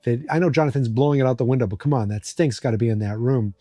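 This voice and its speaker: A man's voice: medium pitch, fast talker, warm tone, dry recording, studio quality. A man hosting a podcast, recapping an episode in a rambling, joking way with many fillers. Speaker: podcast host.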